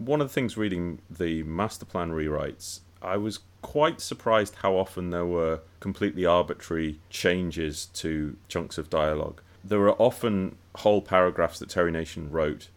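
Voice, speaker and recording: A man talking casually on a podcast, thinking aloud with frequent restarts and repeated words. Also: low-pitched. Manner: thoughtful, halting, many restarts and repeated words. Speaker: podcast co-host.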